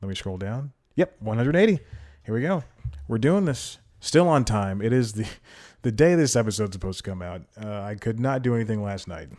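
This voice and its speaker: A man's voice: fairly low pitch, brisk, darkish tone. A man hosting a solo podcast, rambling casually and laughing at himself as he goes. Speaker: podcast host.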